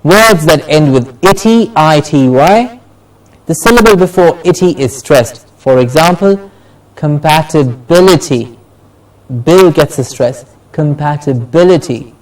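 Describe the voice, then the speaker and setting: A man teaching English word stress, slowly repeating each example word for the class to say along. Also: fairly high pitch, animated, recorded from a distance, rough recording. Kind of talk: classroom lesson with drills.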